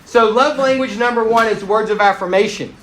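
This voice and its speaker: A middle-aged man with a fairly high voice preaching in a relaxed, talkative way. He tells stories and turns to speak right to the congregation, often laughing at himself. A faint hiss sits under the voice. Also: a little fast, reverberant, rough recording. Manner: conversational and self-deprecating, addresses the crowd directly. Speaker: pastor. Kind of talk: storytelling sermon to a congregation.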